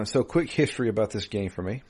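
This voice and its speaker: A man co-hosting a casual gaming podcast over a remote call, relaxed and quick to chuckle, often restarting his sentences. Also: mid-range voice, crowd noise. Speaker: podcast co-host. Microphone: remote call mic.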